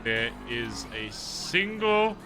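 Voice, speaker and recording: Casually talking to his stream viewers during a roleplay game, this man from England rambles, mocks himself and chuckles at his own jokes. He speaks in a mid-range voice, very animated yet very slow, against a noisy background.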